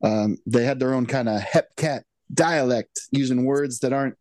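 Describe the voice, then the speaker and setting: A man's voice: medium pitch, normal speed, a little mellow, dry recording. A man co-hosting a film podcast, chatting casually in a rambling, wry way with lots of restarts. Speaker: podcast co-host. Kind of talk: casual chat.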